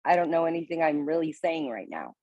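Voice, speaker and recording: A woman sharing casually on a video call, halting and rambling, swearing and laughing as she talks. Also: deep voice, big pitch swings, no room sound, phone-quality sound. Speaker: meeting participant.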